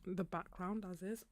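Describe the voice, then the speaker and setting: A woman hosting a casual live painting stream, chatting with viewers and laughing often, her throat slightly husky. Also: medium pitch, a little mellow, dry recording. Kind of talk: casual chat while painting.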